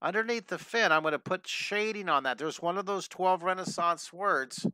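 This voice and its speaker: A middle-aged man leads a drawing lesson with bright, crisp energy. He encourages his young viewers and drifts into cheerful stories. The sound is dry and close to the mic. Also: high-pitched, moderate pace, no room sound. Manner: enthusiastic and encouraging, chatty asides. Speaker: drawing teacher. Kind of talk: live drawing lesson with storytelling.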